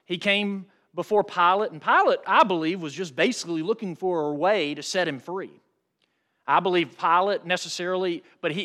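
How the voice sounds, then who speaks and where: A man preaching a sermon to a congregation, driving his points with dramatic pauses and rising emphasis. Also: high-pitched, a bit bright. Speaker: pastor.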